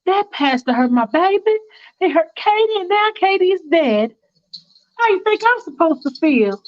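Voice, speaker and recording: A woman puts on a distraught churchgoing mother who pleads in a raised, high voice. Her lines come fast and emotional. The lo-fi recording sounds dull. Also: big pitch swings.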